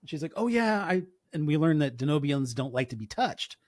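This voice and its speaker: A man's voice: a little high, fairly quick, no room sound. Man, podcast co-host, rambling chatty delivery, dry close mic. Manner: rambling, animated, acts out characters' lines. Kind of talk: casual podcast chat.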